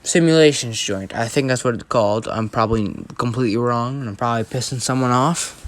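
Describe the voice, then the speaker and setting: Young adult, casual fan-story teller, rambling, self-correcting, mid pitch. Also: steady tone, quick pace.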